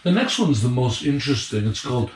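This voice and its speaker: A man calmly and patiently explaining meditation techniques as a teacher, in a relaxed conversational way. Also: medium pitch, fast talker. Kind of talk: guided instruction, conversational. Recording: roomy, distant mic.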